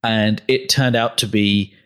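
A man's voice: lowish voice, fairly even intonation, a little slow, a bit bright, smooth. A man co-hosting a podcast in a playful, joking casual chat. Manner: playful, jokey, puts on silly voices. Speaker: podcast co-host.

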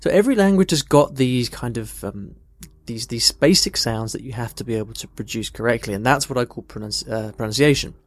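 A man's voice: medium pitch, brisk, hardly any pauses. A man from the United Kingdom, an English teacher casually explaining and answering a listener's question in a thoughtful, conversational way. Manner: thoughtful, conversational, tells personal stories.

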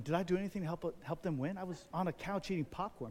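A man in his forties preaching a sermon as a pastor, telling stories with lively, building excitement. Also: high-pitched, quick pace, few pauses. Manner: animated storytelling, grows loud and excited. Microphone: wears a microphone.

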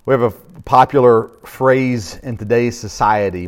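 A man's voice: medium pitch, a little slow, few pauses. A middle-aged man, a pastor, preaching a sermon in a conversational way, with frequent fillers and restarts.

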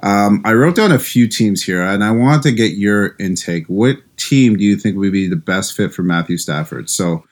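A man co-hosting a casual sports podcast, easygoing and quick to laugh. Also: fairly low pitch. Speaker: podcast co-host.

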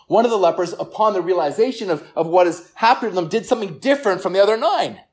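A pastor preaching a sermon to a gathered congregation. The delivery is earnest, often repeats words, and falls quiet for emphasis. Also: medium pitch, animated, quick pace, hardly any pauses. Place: church service room with listeners.

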